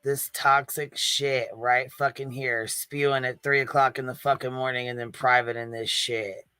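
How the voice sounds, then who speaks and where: A man's voice: medium pitch, level tone, moderate pace, sharp tone, smooth, dry recording. A man reacting to a clip as a commentator, indignant and profane, often stammering as he repeats himself.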